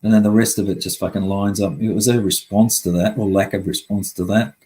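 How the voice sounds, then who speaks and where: Male streamer, husky, blunt and profane, venting to chat. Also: on the low side, steady tone, fairly quick, mellow, poor audio. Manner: heavy swearing, angry and blunt. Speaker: live stream host. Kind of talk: casual live-stream rant.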